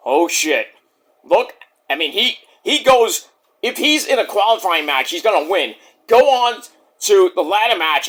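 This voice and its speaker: A man recapping a wrestling show in a casual vlog, excitable, rambling and profane. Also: sits high.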